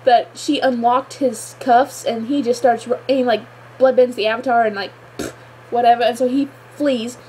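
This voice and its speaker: A woman's voice: on the high side, fairly even intonation, normal speed, dark tone, slight background noise, low-quality recording. A woman reviewing a show episode in a gushing, exclamatory chat full of filler words. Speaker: fan reviewer.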